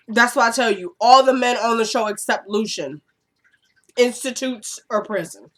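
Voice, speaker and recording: A woman's voice: fairly high pitch, normal speed. Woman vlogger with a cold, casual recap, chatty, quotes the characters. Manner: chatty, acts out characters' lines while retelling. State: coughing, has a cold. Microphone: camera.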